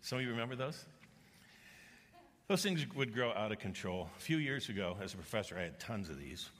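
A middle-aged pastor with a lowish, slightly bright, sing-song voice preaches a little fast, with slight background noise audible. He earnestly tells stories and performs the quoted voices of their characters. The church auditorium adds the long reverb of a large hall.

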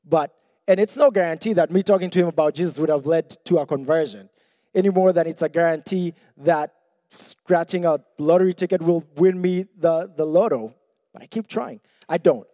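A young man delivers a sermon in a relaxed, conversational way, joking at his own expense and restarting his sentences. His voice is somewhat high but mellow. The sound is dry and close. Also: dry recording, in a large hall. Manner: conversational, self-deprecating, with frequent restarts.

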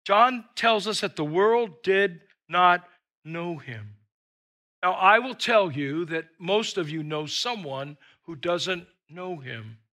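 A man's voice: high voice, lively intonation, slow pace, sharp tone. A man preaching a sermon as pastor, emphatic and repeating himself for stress. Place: church with an online audience.

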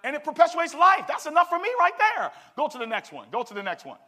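Pastor, male, high bright voice, lively call-and-response preaching. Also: fast. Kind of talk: sermon.

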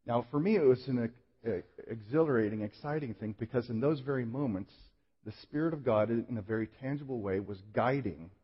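A male pastor with a somewhat husky voice delivers a sermon as a personal story, earnest and self-deprecating, often restarting his sentences. His voice carries a long reverb, as if it fills a large church hall. The recording sounds slightly muffled. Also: mid-range voice.

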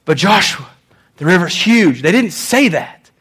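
A man preaching a sermon, reading scripture aloud and swinging between loud emphatic lines and quiet ones, often repeating phrases for emphasis. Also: extremely high pitch, animated, normal speed, husky. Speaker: pastor.

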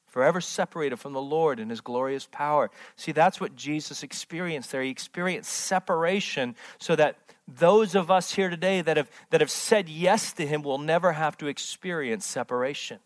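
A man preaching a sermon in a church as pastor, impassioned and repetitive, swinging from loud emphasis to hushed tones. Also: a little high, moderate pace. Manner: repeats words, restarts phrases.

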